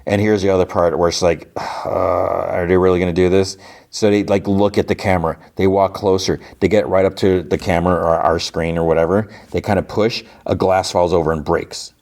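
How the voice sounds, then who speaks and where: A man's voice: low voice, steady tone, fairly quick, gravelly, darkish tone. A man hosting a podcast, casually recapping an episode with lots of fillers and restarts. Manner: rambling, many fillers and restarts. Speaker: podcast host.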